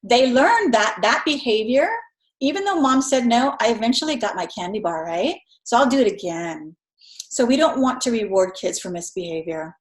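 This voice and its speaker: A woman with a fairly high voice teaches in a relaxed, conversational way. She slips into quick voices for parents and children as she explains. The sound is roomy and echoey. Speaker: instructor. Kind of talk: recorded lecture.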